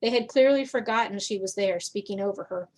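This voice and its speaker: A woman reading her own fantasy story aloud in a steady, measured way. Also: medium pitch.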